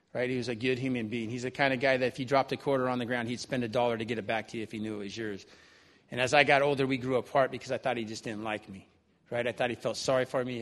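A man at medium pitch, with a slightly bright voice, tells a personal story to a live audience. He keeps it conversational and frequently adds "right?", and the sound has the long reverb of a large hall.

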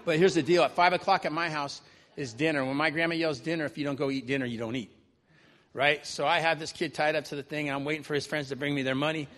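A man with a quick pace and a steady, slightly bright voice on the high side tells a personal story to a live audience. His delivery is conversational, peppered with "right?", and the recording has a large hall's long reverb.

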